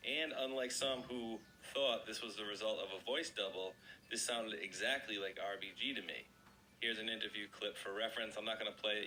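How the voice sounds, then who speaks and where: A man with a slightly raspy voice hosting an online video, chatting casually and reading an article aloud to his viewers. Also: lowish voice, fairly even intonation, brisk, pushed and bright, slight background noise, poor audio. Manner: chatty, addresses viewers as guys.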